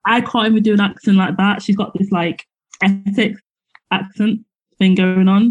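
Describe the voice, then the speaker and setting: A woman chatting casually on a podcast, laughing often and filling pauses. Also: medium pitch, little pitch movement, highs cut off. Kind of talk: casual chat.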